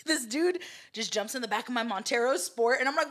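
A young woman from Austin, Texas, telling stories in casual chat, animated, profane and laughing often. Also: fairly high pitch, fairly quick. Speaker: podcast guest. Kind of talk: casual storytelling.

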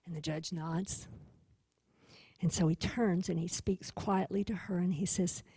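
Slow, dramatic woman preacher. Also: on the low side, steady tone, warm tone, husky, dry recording. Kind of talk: sermon storytelling.

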